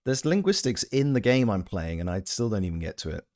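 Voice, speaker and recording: A man chats casually while streaming a game, answering his chat with playful jokes and rambling tangents. His voice sits low but moves animatedly up and down. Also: big pitch swings, brisk, darkish tone. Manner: playful, joking, rambling asides. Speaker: gaming streamer and voice actor.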